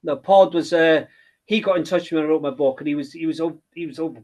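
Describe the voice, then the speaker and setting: A man's voice: fairly high pitch, fast, a little mellow. A middle-aged man, a children's book author chatting in an interview, rambling and hesitant with many restarts. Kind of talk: casual interview chat.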